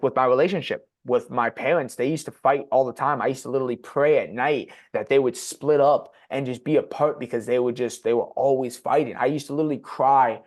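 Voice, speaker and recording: Young male podcast guest, confessional and unpolished, swears freely, mid-pitched voice. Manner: blunt and profane, heavy use of "like". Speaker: podcast guest sharing his story. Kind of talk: candid personal storytelling.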